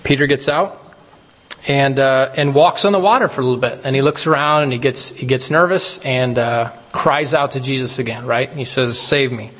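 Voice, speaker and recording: A man's voice: mid-range voice, normal speed, a bit bright, in a large hall. A man preaching a casual, conversational sermon, often checking in with his listeners and laughing at his own retellings.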